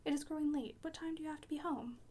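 A sharp-tongued elderly French woman who plays the piano, read aloud by a woman. Her voice sits high and the lines come quickly, brusque and teasing, with French words slipped in. She speaks as the storybook's odd, blunt old artist. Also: steady tone, close to an everyday voice.

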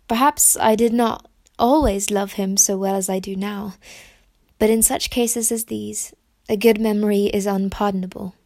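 A woman voicing a lively, witty young woman in love, playful and confiding. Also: medium pitch, vocal fry.

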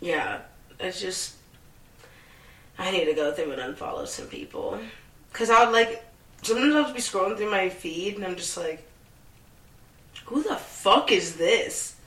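A woman's voice: fairly low pitch, very animated, moderate pace, pauses often, distant mic. A young woman co-hosting a casual chat, ranting sarcastically and swearing a lot. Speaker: podcast co-host. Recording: echoey room, off mic.

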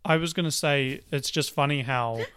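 A man's voice: mid-range voice, normal speed, a bit bright, smooth, dry recording, clean studio sound. A young man co-hosting a podcast, chatting casually, teasing playfully and laughing often. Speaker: podcast co-host. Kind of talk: casual chat.

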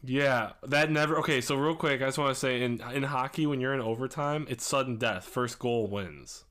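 A man's voice: medium pitch, normal speed, a bit bright. A young man, a podcast co-host chatting casually and swearing a lot as he rambles. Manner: rambling, swears a lot, acts out movie quotes. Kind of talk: casual chat.

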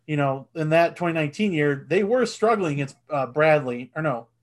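A man in his thirties co-hosting a casual sports podcast, animated and swearing, and he gets loud when excited. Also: a little high, fairly quick. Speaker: podcast co-host.

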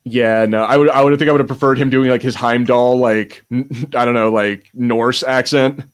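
A man's voice: medium pitch, fairly even intonation, moderate pace, clean tone. A man co-hosting a podcast, rambling and joking with casual swearing. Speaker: podcast co-host.

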